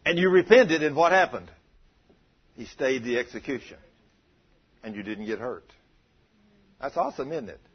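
Husky preacher, animated sermon. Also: male voice, medium pitch, moderate pace, long pauses, muffled recording. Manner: animated, calls out to the congregation and acts out prayers.

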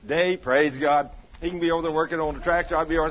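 A man's voice: high voice, normal speed, slightly rough, dull audio. A man preaching a folksy sermon, telling stories and acting out what people said. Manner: animated, acts out quoted voices, shouts in anecdotes. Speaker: pastor.

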